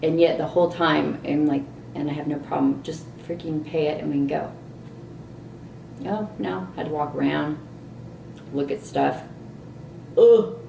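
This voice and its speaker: A middle-aged woman vlogging a candid personal story, animated and exasperated at times. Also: deep voice, normal speed, vocal fry, a little hiss or hum. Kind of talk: personal reflective monologue. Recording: roomy echo, distant mic, faint ambience.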